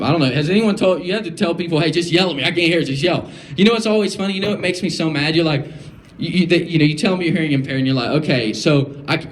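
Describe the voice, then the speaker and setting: A young man talks to a room of students at a school, loose and conversational, circling back with "you know" and restarts. His voice sits a bit high for a man, and he keeps turning questions to the audience. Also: a little hiss or hum. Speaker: guest speaker. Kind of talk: casual motivational talk to students. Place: school classroom or hall.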